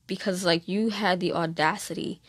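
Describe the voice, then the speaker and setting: A woman's voice: lowish voice, steady tone, normal speed, dry recording, clean studio sound. A young woman teaching a casual Bible study, candid and conversational with plenty of fillers.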